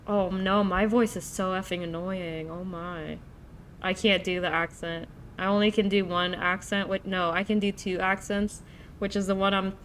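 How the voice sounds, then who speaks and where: Excitable young woman streamer chatting. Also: medium pitch, a little hiss or hum. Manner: chatty, excitable, talks to chat. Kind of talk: casual live-stream chat.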